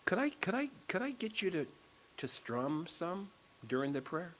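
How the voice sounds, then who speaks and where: A man's voice: high voice, very animated, moderate pace, a bit bright, slight background noise. A man preaching a sermon in a church, leading affirmations and prayer with repeated phrases. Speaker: spiritual speaker.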